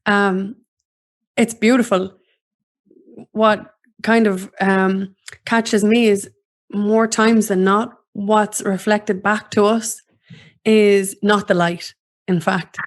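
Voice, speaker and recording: A woman's voice: mid-range voice, little pitch movement, takes it slowly, pauses often. A woman hosting an interview, speaking steadily with frequent fillers. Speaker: host. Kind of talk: interview, reading a post aloud.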